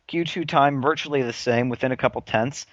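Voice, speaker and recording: A man's voice: medium pitch, fairly quick, a bit bright, dry recording. Chatty man, dry lo-fi podcast audio. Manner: chatty, analytical, uses many fillers. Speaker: podcast co-host. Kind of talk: casual chat. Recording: dry, dull lo-fi sound.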